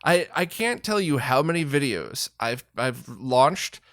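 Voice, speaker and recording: A man's voice: medium pitch, animated, a little slow, fairly bright tone, no echo, studio quality. A man hosting a casual interview as a retro gaming video creator, talking frankly and animatedly and swearing freely. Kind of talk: casual conversation.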